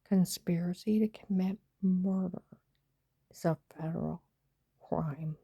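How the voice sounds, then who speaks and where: A woman telling a personal story to camera in an agitated, emphatic way, often dropping into a breathy half-whisper. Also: lowish voice, steady tone, takes it slowly, warm tone, dry recording. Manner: agitated, emphatic retelling with quoted dialogue.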